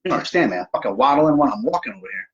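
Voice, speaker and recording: A man's voice: mid-range voice, big pitch swings, very fast, background noise. Man, middle-aged, live-stream host, casual, self-mocking, speaks to viewers, home, slightly muffled audio. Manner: joking, self-mocking, talks straight to viewers. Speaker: livestream host.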